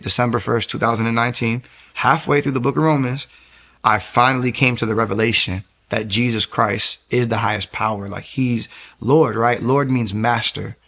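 A man tells his faith testimony in a casual, storytelling way. His voice has a gravelly, creaky edge at a middling pitch. He acts out the people in his story and often repeats and restarts his words. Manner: animated storyteller acting out quoted voices. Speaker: testimony speaker.

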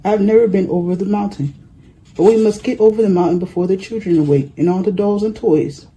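A reader voicing a kind, cheerful little blue engine in a storybook, speaking gently. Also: mid-range voice, brisk, natural voice, poor audio.

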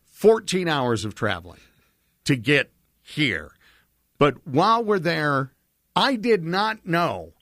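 Higher-voiced man spinning a rambling story. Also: big pitch swings, slow, pauses often, a bit bright, no echo, clean studio sound. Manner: rambling storyteller with many restarts. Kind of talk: casual chat.

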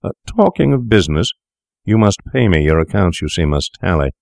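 A man voicing a calm, sinister young male doctor who talks persuasively and lectures his accomplice. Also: sits low, brisk, vocal fry, no room sound, clean studio sound, heavily acted. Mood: coaxing.

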